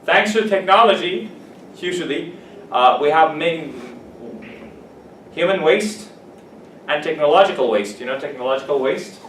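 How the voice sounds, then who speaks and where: A man's voice: on the high side, expressive, normal speed, pauses often, a bit bright. A man teaching an English vocabulary lesson to a class, explaining words, repeating them and checking that students follow. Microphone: camera at a distance. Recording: echoey classroom from far off with faint hiss.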